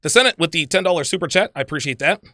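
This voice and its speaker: A man's voice: fairly high pitch, lively intonation, rapid-fire, sharp tone, no echo, studio quality. Angry, profane man ranting on a livestream. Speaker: livestream host. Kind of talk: heated livestream rant.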